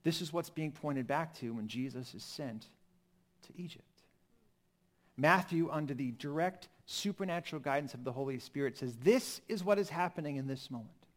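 High-voiced man preaching a sermon. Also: normal speed. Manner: expressive, swings from emphatic to hushed. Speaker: pastor.

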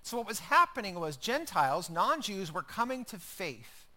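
A man delivering a sermon with a high, bright voice. He preaches conversationally and drives his points home with repeated phrases. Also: sing-song, moderate pace. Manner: conversational preaching with emphatic repetition. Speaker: pastor.

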